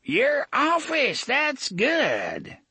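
A cackling drunk old barfly. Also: male voice, very high voice, wildly swooping pitch, very slow, creaky, bright, forceful tone, no room sound, voice pushed up, full character voice. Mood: wheedling. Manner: cackling, whining, pleading. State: drunk and beaten.

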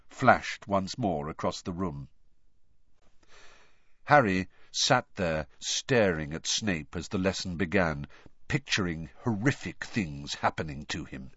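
A man reading a story aloud with expressive, varied narration. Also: low voice, no room sound, lo-fi sound. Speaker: audiobook reader.

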